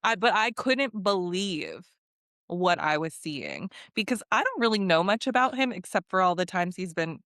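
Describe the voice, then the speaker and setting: Woman podcast host, lively storyteller who swears casually, dry close mic. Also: on the low side, normal speed, dry recording. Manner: animated storytelling, swearing freely, acts out quotes.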